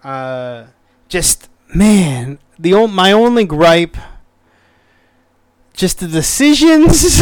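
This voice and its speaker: A man's voice: on the high side, no room sound. A man hosting his own podcast, rambling casually with lots of profanity, stumbling over words and getting exasperated. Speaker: podcast host. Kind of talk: casual solo podcast review.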